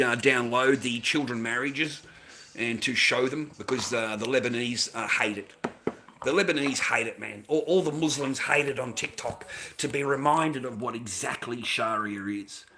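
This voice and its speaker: Australian man, bright-edged voice, rambling foul-mouthed streamer, drifts from mutters to loud heated outbursts. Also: slight background noise. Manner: rambling, swears constantly, says mate after nearly every line; swings from low mumbles to loud, heated outbursts with laughs. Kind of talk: casual livestream rant.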